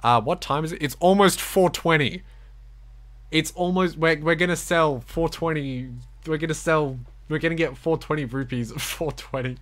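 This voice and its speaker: A man's voice: fairly high pitch, moderate pace, fairly bright tone. A young man giving giggly, self-mocking live-stream commentary as he plays a game, talking to the screen.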